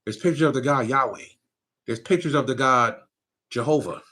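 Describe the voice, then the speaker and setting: A spiritual teacher gives his viewers a loose, casual talk, laughing often, saying "you know what I'm saying" and checking whether they follow him. His voice is medium in pitch and bright with a pushed quality, and he speaks at a normal speed.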